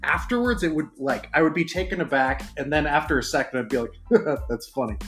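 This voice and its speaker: Dry, teasing co-host with an animated voice, roomy sound. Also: mid-range voice, a little fast, soft background music. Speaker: podcast co-host. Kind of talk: casual chat.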